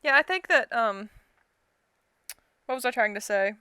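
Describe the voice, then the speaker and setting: A woman's voice: a little high, expressive, measured pace, sharp tone, clear, resonant tone, dry recording. A woman hosting a let's-play, reading a visual novel aloud with casual, chatty commentary and laughing at the script.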